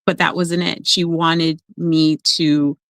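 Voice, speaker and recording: A woman who works as an emotional coach, talking in a casual podcast conversation and telling stories with lively acted-out voices. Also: sits low, slow, no room sound. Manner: animated storyteller, acts out quoted voices.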